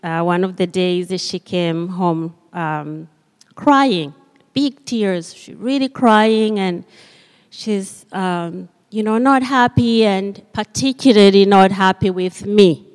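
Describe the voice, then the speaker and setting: Woman, slow hesitant speech, many fillers, children's talk in church, long hall reverb. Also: medium pitch, clean tone. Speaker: church member telling a story to children.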